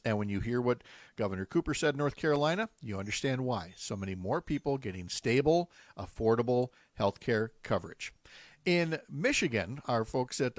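A man's voice: medium pitch, no echo. Easygoing male host, dry sound. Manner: easygoing, laughs often, wry. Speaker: talk show host. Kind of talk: casual political chat.

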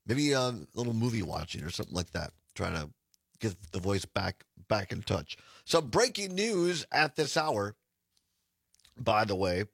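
A male radio talk show host with a hoarse, raspy voice, talking in a casual, halting way with frequent restarts. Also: fairly low pitch, very animated, no room sound, studio quality.

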